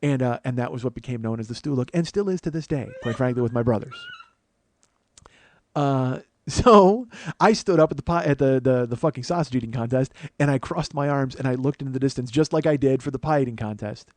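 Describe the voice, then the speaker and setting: On his own podcast, a male comedian rambles through a long, profane, self-mocking comic story, speaking solo at a fairly quick clip. The recording is dry, and his medium-pitched voice is a little mellow.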